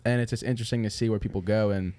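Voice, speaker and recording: Low voiced guy hosting a podcast, dark mellow tone, rambly encouraging questions, lots of restarts. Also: fairly even intonation, very fast, no echo. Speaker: podcast host. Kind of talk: casual interview chat.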